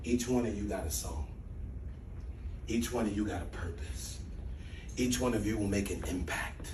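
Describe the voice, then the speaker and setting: A man speaking as a dean to a group of young men, giving a motivational speech and leading call-and-response chants, moving from low confiding talk to loud calls. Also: normal speed, echoey room, distant mic, noisy background. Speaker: dean leading a youth ceremony.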